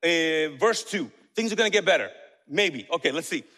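A high-voiced male pastor delivers a lively sermon, quizzing his congregation and slipping in jokes. His voice rings out with the long reverb of a church hall. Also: normal speed. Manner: lively, asks the congregation questions, joking asides.

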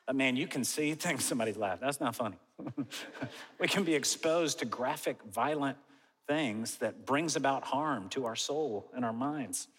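A man's voice: mid-range voice, normal speed, breathy edge. Man in his forties preaching in a hall. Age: 40s. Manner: conversational and animated, with self-mocking asides and laughs. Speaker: pastor. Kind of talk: sermon.

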